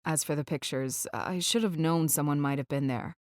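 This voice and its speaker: A woman voicing a tender, guarded young male rock star in an audiobook, with a low, hushed delivery. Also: moderate pace, dry recording, clean studio sound, lightly acted. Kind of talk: audiobook character voice.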